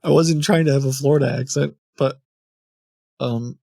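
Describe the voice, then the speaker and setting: A man's voice: mid-range voice, fairly even intonation, normal speed, creaky, mellow. A young man talks casually on a stream in a mid-range voice, drifting from thought to thought and often stopping to restart a sentence. The sound is dry and close, with no room echo. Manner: rambling, self-correcting with restarts and short laughs. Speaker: scam-baiting streamer. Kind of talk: casual rambling chat on a stream.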